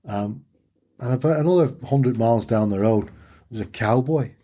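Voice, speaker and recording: A man's voice: medium pitch, normal speed. A man with a Yorkshire accent, a podcast guest telling his story and acting out the dialogue in it. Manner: animated storyteller who acts out dialogue. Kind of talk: personal storytelling interview.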